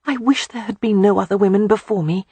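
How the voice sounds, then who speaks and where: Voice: medium pitch, fast talker, a little mellow, breathy edge, no echo, voice pushed up. An audiobook reader voicing a shy, eager young woman who speaks breathlessly, her voice trembling. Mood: breathless, shaky. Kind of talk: audiobook character reading.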